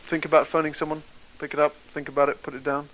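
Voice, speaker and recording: Bright-voiced British man telling a story. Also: fairly high pitch, level tone, fast, slight background noise, rough recording. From Britain. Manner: conversational, asks the audience questions. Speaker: motivational speaker. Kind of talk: storytelling talk to an audience.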